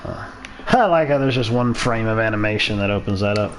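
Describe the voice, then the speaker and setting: A man's voice: fairly low pitch, expressive, a little fast, a little hiss or hum. A young man casually commentating a game livestream, rambling loosely with silly minced oaths. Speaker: gaming streamer. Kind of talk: casual let's-play commentary.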